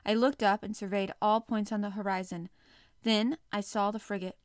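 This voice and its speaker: A woman narrating a classic adventure novel aloud in the first person, with expressive, dramatic storytelling. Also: mid-range voice, normal speed, no room sound, studio quality. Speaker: audiobook narrator.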